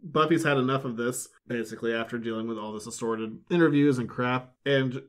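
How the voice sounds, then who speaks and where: Male podcast co-host, playful comic recap, mid-range pitch. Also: a bit bright. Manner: jokey, acts out characters' lines in quick bits. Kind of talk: casual comic book recap chat.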